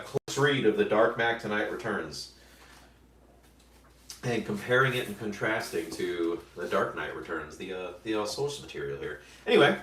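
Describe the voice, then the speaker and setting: A man's voice: medium pitch, fairly bright tone. A man casually commenting on his own comic pages, with rambling asides and frequent fillers. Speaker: comic artist discussing his own work. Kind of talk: casual commentary over artwork. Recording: roomy, from a distance.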